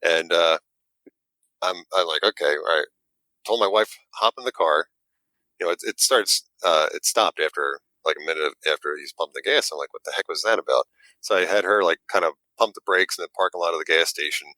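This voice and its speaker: Man, very low voice, crisp and bright, dry close sound, casual animated storytelling. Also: fairly quick, no echo, poor audio. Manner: animated, acts out quotes, stammers. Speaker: model maker guest.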